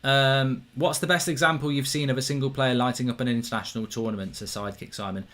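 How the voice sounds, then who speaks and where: A man's voice: medium pitch, fairly even intonation, quick pace, a bit bright. A man hosting a live football watchalong, chatting casually, reading out viewer comments, with frequent ums and restarts.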